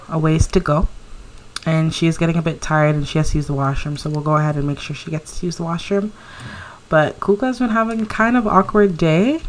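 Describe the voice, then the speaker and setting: A young woman narrating her life-sim gameplay in a chatty, giggly way, cheering on her character. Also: sits low. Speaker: let's play narrator. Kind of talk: casual gameplay commentary.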